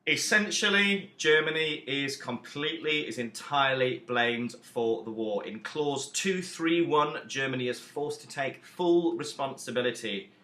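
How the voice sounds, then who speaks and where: A man teaching a recorded history lesson, emphatic and lively, with self-deprecating asides. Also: mid-range voice, unhurried, hardly any pauses, reverberant.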